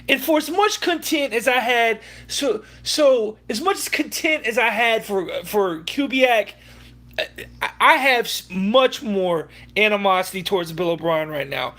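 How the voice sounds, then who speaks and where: A man's voice: sits high, bright, forceful tone. A young man hosting a sports livestream, ranting heatedly and profanely with many restarts. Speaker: livestream host.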